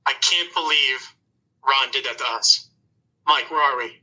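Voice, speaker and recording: A man's voice: medium pitch, a little slow, pushed and bright, rough recording. A man voicing Tinker, a cheerful, naive robot adventurer, in an eager, earnest and slightly stumbling manner.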